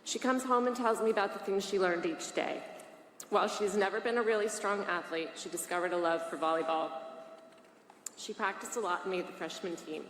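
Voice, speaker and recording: A woman's voice: mid-range voice, a little fast, fairly bright tone. A woman in her forties from Massachusetts, a parent reading prepared testimony at a public hearing in a formal, earnest and emotional way. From Massachusetts, USA. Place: large state legislative hearing room. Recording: echoey hall from mid distance, faint hiss.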